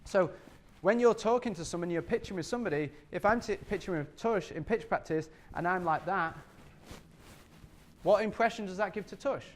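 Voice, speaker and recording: A man leading a sales training workshop, energetic and repetitive, often acting out customer scenes as he talks. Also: sits high, normal speed, slight background noise.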